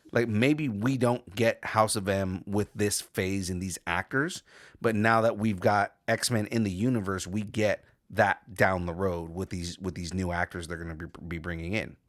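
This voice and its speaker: Man, podcast co-host, deep low voice, dry close sound, rambling casual chat. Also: no echo. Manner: rambling, with many restarts and "you know"s.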